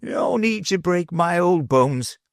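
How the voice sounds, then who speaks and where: Guy doing a worn out old beggar man, quiet dignity, storybook. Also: sits high, expressive, slow pace, vocal fry, no echo, studio quality, voice pushed up, heavily acted. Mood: dignified. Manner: meek, pleading.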